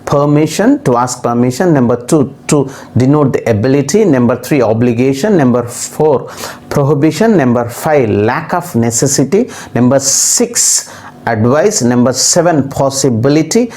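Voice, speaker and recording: Teacher going thru grammar, slow and deliberate, lists stuff one by one, mid pitch. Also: lively intonation, mellow. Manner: deliberate, repetitive, listing examples one by one. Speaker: English teacher. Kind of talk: grammar lesson explanation.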